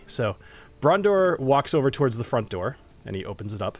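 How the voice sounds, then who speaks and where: A man's voice: medium pitch, sing-song, fairly quick. A man running a live tabletop game as dungeon master, easygoing and chatty, laughing often between narration.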